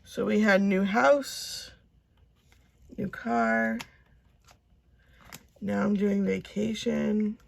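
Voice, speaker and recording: A woman in her thirties talks casually to her viewers, thinking out loud and rambling with plenty of fillers. Her mid-pitched voice has a gravelly fry running through it, and she speaks as if chatting at home. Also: steady tone, drawn-out words, pauses often. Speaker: cash budgeting vlogger. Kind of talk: casual chat to camera.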